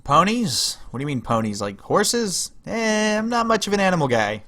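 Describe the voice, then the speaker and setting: A man's voice: high-pitched, very animated, moderate pace, few pauses, pushed and bright. A young man chatting casually on a game livestream, stammering and repeating words as he rambles and laughs. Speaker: livestreamer playing a strategy game.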